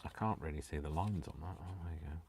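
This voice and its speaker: Male craft host, very low register, casual live chat, jokes at his own expense. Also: fast talker, darkish tone, slight background noise. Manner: chatty, self-mocking, jokes to himself and the viewers.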